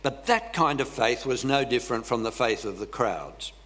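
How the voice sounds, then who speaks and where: A man preaching a sermon slowly and deliberately, pausing for emphasis and clearing his throat often. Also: medium pitch, animated, fairly bright tone. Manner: slow, deliberate preaching with dramatic pauses.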